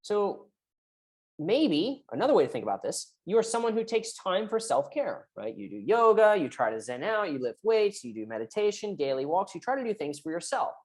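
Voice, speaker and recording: A woman's voice: mid-range voice, sing-song, moderate pace, darkish tone. A woman physical therapist explaining recovery in a conversational way, often checking in with "right?". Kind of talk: direct-to-camera health talk.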